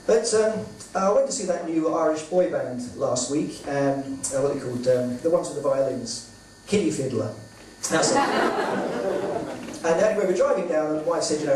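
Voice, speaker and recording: A man doing stand-up one-liners on a comedy club stage, pausing often with ums and uhs. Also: on the high side, lively intonation, crowd noise. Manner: halting, with many ums and uhs. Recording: echoey club from far off, noisy. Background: audience laughter.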